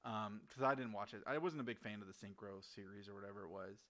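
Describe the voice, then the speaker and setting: A man co-hosting a casual gaming podcast, excitable and rambling, swearing often. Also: fairly low pitch, quick pace. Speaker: podcast co-host. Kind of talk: casual chat.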